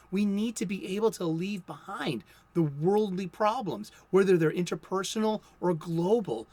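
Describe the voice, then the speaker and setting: Fifties guy hosting a comic book vlog, opinionated, chatty, kinda higher voice. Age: 50s. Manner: opinionated, conversational, with some halting restarts. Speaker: comic book video host. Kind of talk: casual monologue.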